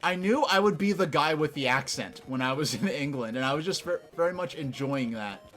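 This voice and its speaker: A man from New York chatting casually and rambling while he streams a video game, getting excited easily. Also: a little high, a little fast, soft background music.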